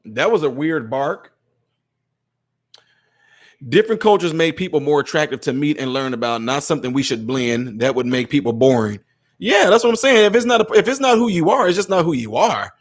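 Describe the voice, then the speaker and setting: A man's voice: fairly high pitch, lively intonation, fairly quick. A man hosting his channel, reading out viewer comments and answering them in casual, emphatic commentary, often repeating words to stress a point.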